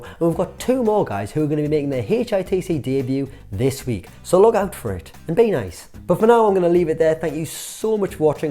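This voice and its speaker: Cheeky young man hosting a football vlog. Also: on the high side. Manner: cheeky, sarcastic, lively banter. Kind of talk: comic football commentary vlog.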